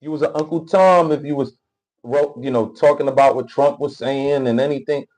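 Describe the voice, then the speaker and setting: A man's voice: medium pitch, normal speed, darkish tone, rough recording. A man commenting casually on politics during a livestream, reading chat and rambling with many repeated phrases. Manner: rambling, repetitive, keeps asking "you know what I'm saying".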